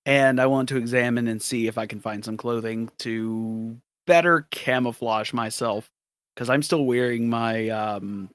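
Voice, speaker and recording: A man's voice: mid-range voice, a little slow, fairly bright tone, dry recording. A man casually describing his character's actions as a player in a tabletop game.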